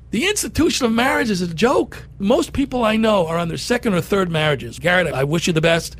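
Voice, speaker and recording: A middle-aged man hosts talk radio with loose, rambling, jokey storytelling. His voice sits notably high for a man. The banter stays casual and conversational. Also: expressive, a little fast, hardly any pauses, a bit bright. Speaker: radio show host.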